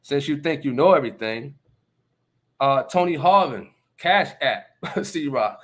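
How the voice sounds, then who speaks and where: An emphatic man hosts a casual live stream, his voice sitting a bit higher than most men's. He keeps checking in with his listeners, asking whether they understand, and breaks into short laughs between remarks. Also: animated, slow, long pauses, slightly rough. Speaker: livestream host.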